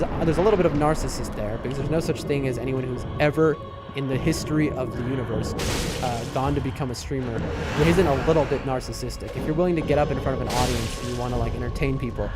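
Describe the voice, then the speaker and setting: A man's voice: mid-range voice, background noise. An American man in his late twenties, a streamer chatting casually with his chat while he plays, rambling and talking back to viewers. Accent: American, shifting East Coast. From United States. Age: late 20s. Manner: chatty, rambling, answers chat mid-game. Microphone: headset. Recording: loud music behind.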